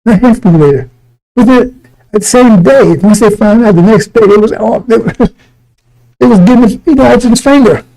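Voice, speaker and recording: Gravelly, dark-toned preacher man. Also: sits high, moderate pace, poor audio. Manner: blunt and profane, mocking voices, laughing. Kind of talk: loose street sermon.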